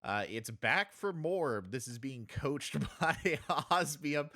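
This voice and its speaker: A man's voice: fairly high pitch, animated, takes it slowly, sharp tone. A man hosting a game broadcast, introducing teams and joking around between plays. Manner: joking, chuckles through lines. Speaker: esports broadcast host. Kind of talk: casual commentary banter.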